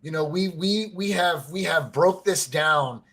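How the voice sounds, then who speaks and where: A man co-hosting a casual sports podcast, telling stories in an animated way, swearing freely and saying "like" and "right?" a lot. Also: on the high side, a little slow. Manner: excitable, fan-to-fan talk addressing listeners as family. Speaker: podcast co-host.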